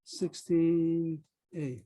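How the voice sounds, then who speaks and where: A man's voice: fairly high pitch, fairly even intonation, drawn-out words, dark tone, low-quality recording. A man teaching a Talmud class over a video call, explaining a text step by step and stressing key words. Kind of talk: online Talmud lesson. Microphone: video call mic.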